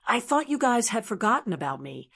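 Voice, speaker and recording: A woman's voice: a little high, big pitch swings, fairly quick, slightly rough, exaggerated voice. A woman voicing an angry, defiant man who has been cornered by his old gang, in a storybook read-aloud. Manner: shouting, defiant.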